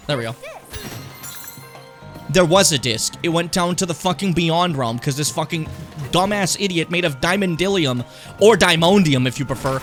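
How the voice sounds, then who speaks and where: A young man casually commenting on his gameplay, rambling and swearing, with sudden high excited yelps. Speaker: streamer. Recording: game music playing behind the voice.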